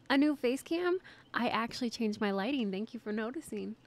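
A woman's voice: fairly high pitch, expressive, normal speed. A young woman streaming a game live, chatting with viewers, giggling often and shrieking and swearing when startled.

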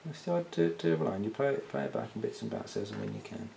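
An animated man with a widely swinging voice teases his co-host while painting. A clear hiss and clicks run under the recording. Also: mid-range voice, fast talker, low-quality recording. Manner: teasing, playful, animated. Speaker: miniature painting channel co-host. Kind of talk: casual banter while painting.

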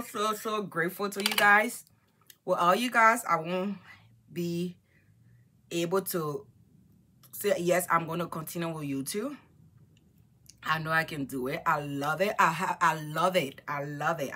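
A woman vlogger chatting excitedly while doing her makeup, talking casually and repeating herself often. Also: low-pitched. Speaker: beauty vlogger. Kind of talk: casual get-ready-with-me chat.

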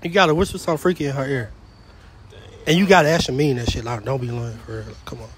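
A man hosting a truth or dare game at a party, loud and joking, cursing freely and stumbling over his words. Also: medium pitch, steady tone, quick pace. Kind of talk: casual party chat. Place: room at a house party.

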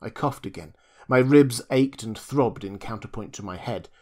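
A man's voice: medium pitch, normal speed, dark tone. Man reading a first-person audiobook. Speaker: audiobook narrator.

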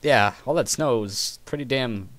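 A man's voice: mid-range voice, unhurried, fairly bright tone. A man joining a casual gaming chat as co-player, laid-back and joking.

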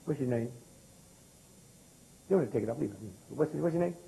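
A man's voice: mid-range voice, animated, quick pace, creaky, warm tone, low-quality recording. An older man, lecturing a live audience, throwing rhetorical questions and asking for responses. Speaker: speaker.

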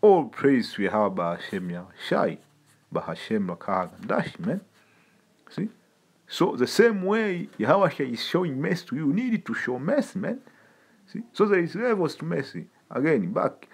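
This husky-voiced preacher moves at a slightly slow pace through a casual sermon, pitch rising and falling with energy. Streetwise and emphatic, he repeats himself for effect and drops a casual "man" toward his listeners.

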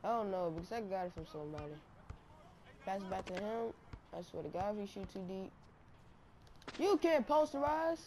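A woman giving excitable, slangy, trash-talking commentary over her own basketball gameplay on a headset mic. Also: medium pitch, a little fast. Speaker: gaming channel host. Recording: noisy game audio behind.

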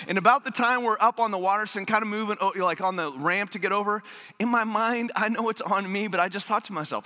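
Speaking fairly quickly in a high-pitched voice, a pastor in his thirties tells a funny story during a sermon in a large church auditorium. He's animated and humorous, acting out what people said.

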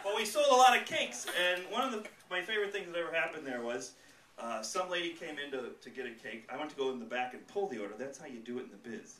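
A male stand-up comedian doing a set on a comedy club stage, animated and jumping into loud character voices, with audience laughter behind him. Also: fairly high pitch, fast talker, slight background noise. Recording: roomy live club sound from a distance.

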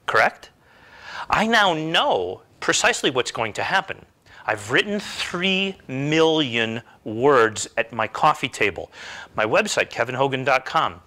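A man's voice: medium pitch, big pitch swings, unhurried, sharp tone. A middle-aged man giving a motivational self-help talk, emphatic and full of rhetorical questions.

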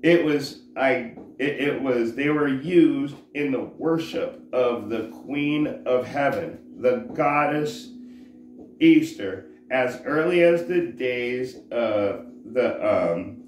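Man, religious teacher, slow halting delivery, echoey room recording. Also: medium pitch. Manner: halting, searches for words, restarts often. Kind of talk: informal scripture teaching. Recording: roomy echo, faint background noise.

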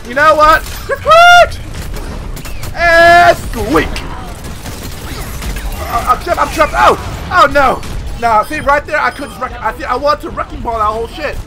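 A man commentating his own gameplay as a video host, excitable and swearing a lot, often squealing. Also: very high-pitched, brisk. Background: game music and sound effects.

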